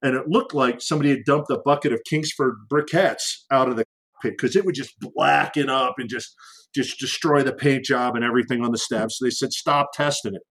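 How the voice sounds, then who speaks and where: A former fighter pilot, appearing as a guest, tells a story in casual conversation, and his voice is medium-pitched, fairly quick, a bit bright and husky. He acts out radio calls loudly, with lots of fillers and restarts. The audio is poor.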